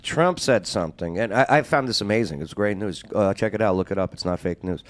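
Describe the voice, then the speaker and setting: A man's voice: fairly low pitch, brisk. A man hosting a casual talk show, joking and plugging the show. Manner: animated, joking, plugs the show. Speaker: show host.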